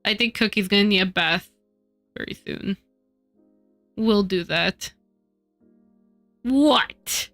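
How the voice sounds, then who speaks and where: A woman's voice: medium pitch, slow pace, long pauses, a bit bright, soft background music. A woman streamer chatting casually with her live chat as she works, teasing and mock-indignant in her banter.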